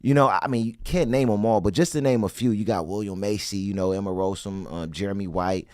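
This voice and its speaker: Male interview host, casual and slangy, lower voice, dry close sound. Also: fairly quick, darkish tone, dry recording. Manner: laid-back, slangy, laughs easily.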